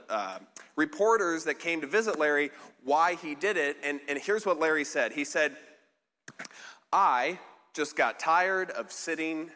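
A man preaches a relaxed, conversational sermon, his bright, lifted voice carrying a lingering reverb from the large hall. He talks in a rambling, self-deprecating way, stopping and restarting with plenty of ums and likes. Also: on the high side. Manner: chatty, self-deprecating, many fillers and restarts. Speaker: pastor. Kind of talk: casual sermon.

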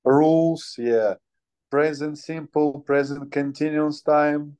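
Russian-speaking man in halting English. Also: fairly high pitch, level tone, darkish tone, smooth. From Ukraine. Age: 20s. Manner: halting English, searching for words, laughs at himself. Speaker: interview guest, fighter. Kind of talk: casual interview.

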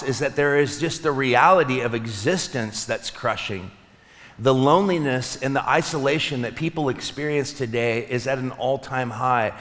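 A man preaching an Easter sermon as pastor, earnest, slowing and softening on heavy words. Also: medium pitch. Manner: earnest, with soft slowed pauses. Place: church sanctuary. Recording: long reverb of a large hall.

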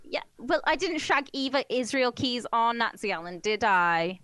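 A woman's voice: a little high, lively intonation, normal speed, fairly bright tone, smooth, dry recording. A woman co-hosting a podcast in casual comedic chat, blunt and crude, laughing often. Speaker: podcast co-host.

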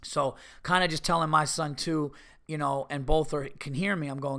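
A middle-aged man telling a rambling, animated story on his podcast, full of restarts and asides. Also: on the high side, moderate pace. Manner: rambling, animated, with many restarts and mock voices. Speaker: podcast host. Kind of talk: casual storytelling.

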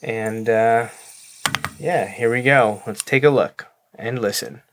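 A man's voice: mid-range voice, slow pace. Man hosting a podcast, carefully enunciated. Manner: dry, self-deprecating, enunciates carefully. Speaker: podcast co-host. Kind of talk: casual chat.

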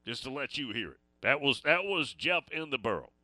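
Man, sports radio host, dry studio sound, very bright tone. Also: mid-range voice, very animated, brisk, no echo. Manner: rambling, reading listener messages. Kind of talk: casual radio talk.

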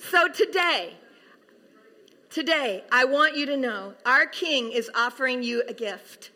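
A middle-aged woman preaching a sermon, moving from soft, hushed passages to high, laughing bursts of excitement. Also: unhurried. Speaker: pastor's wife preaching.

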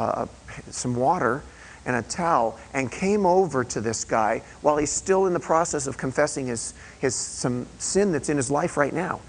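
A man's voice: mid-range voice, gravelly, slightly rough, rough recording. A male pastor preaching to a small group in a room, talking in a conversational way with frequent restarts and questions to the listeners. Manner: conversational, halting, with many restarts and rhetorical questions. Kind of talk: sermon.

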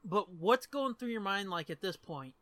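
A man's voice: sits high, animated, normal speed, sharp tone, no echo. A man co-hosting a casual movie commentary podcast, joking, swearing freely and asking questions. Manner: joking, profane, asks questions. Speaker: podcast co-host.

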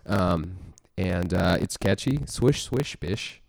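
A man's voice: low-pitched, expressive, takes it slowly, vocal fry, no echo. A man from Texas co-hosting a casual music podcast, rambling and self-mocking with lots of fillers and restarts. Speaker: podcast co-host.

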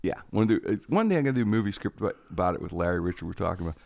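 A man's voice: low-pitched, racing, gravelly, no room sound. A man, a radio personality telling stories on a casual podcast, acting out quoted lines with animation. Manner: animated, acts out quotes in a raised voice.

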